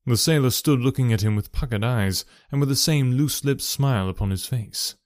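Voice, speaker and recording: A man reading a story aloud in a measured, even narration. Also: medium pitch, no echo, studio quality. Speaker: audiobook narrator.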